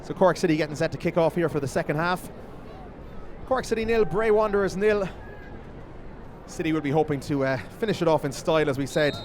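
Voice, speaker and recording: A man giving brisk play-by-play commentary at an outdoor football match. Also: on the high side. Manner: brisk calling of player names. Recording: outdoor stadium ambience, faint noise.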